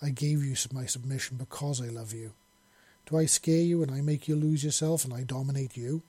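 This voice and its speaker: A man voicing a gentle, devoted young male hero who speaks softly. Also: mid-range voice, steady tone, fairly quick, husky, dry recording, natural voice. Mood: tender. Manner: soft, tender.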